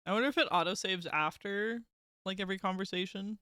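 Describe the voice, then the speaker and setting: A man's voice: high-pitched, fast, bright, forceful tone, clear, resonant tone, no room sound, studio quality. A man streaming a video game live, chatty and reacting aloud as he plays. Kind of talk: live gameplay commentary.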